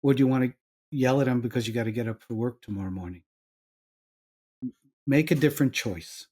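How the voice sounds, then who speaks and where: Here a husky, dark-toned male voice of medium pitch moves along fairly quickly. He's an older psychologist and author from New York, New York accent intact, being interviewed reflectively while performing little conversations in shifting voices.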